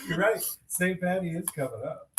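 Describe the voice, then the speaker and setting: A man's voice: sits high, lively intonation, normal speed. A man co-hosting, giving casual, laid-back, amused replies in banter. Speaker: co-host. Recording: roomy, away from the mic.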